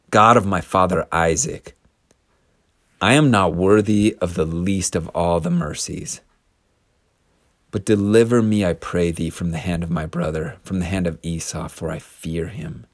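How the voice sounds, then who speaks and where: A man's voice: low voice, measured pace, voice pushed down. A man voicing an aggrieved shepherd from a Bible story, reading his words in a declamatory way. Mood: pleading. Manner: heated, declamatory scripture reading. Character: wronged hardworking biblical shepherd, a grown man.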